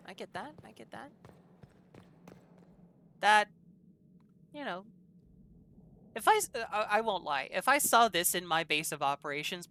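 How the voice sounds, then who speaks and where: A woman's voice: lowish voice, fairly bright tone. A woman streaming a video game, chatting casually and joking to herself as she plays. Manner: chatty and joking, with asides and laughs. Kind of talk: casual gameplay commentary.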